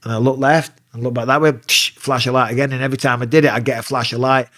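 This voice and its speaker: A man in his forties with a Northern English accent, telling a story in sweary, animated casual talk as an interview guest. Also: mid-range voice, fast, dry recording, clean studio sound. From England. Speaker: interview guest, former fighter.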